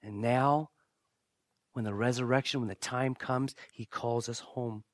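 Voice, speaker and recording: A male pastor preaching a sermon with jokey asides to the congregation, swinging from loud bursts to hushed, near-whispered lines. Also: medium pitch, fairly even intonation, a little slow, dry recording.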